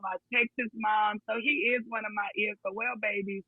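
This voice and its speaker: A woman's voice: on the high side, normal speed, hardly any pauses, breathy edge, dry recording, narrow, tinny audio. A woman teacher who joins a casual chat as a guest and tells stories expressively, acting out the quotes. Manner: expressive storyteller, acts out quotes.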